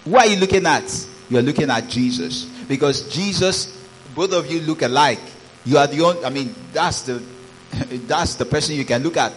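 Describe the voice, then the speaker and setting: A man's voice: a little high, normal speed, slight background noise, rough recording. A man preaching a sermon as pastor, reading scripture aloud and calling out praises. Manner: preaching with rising exclamations, reads scripture aloud.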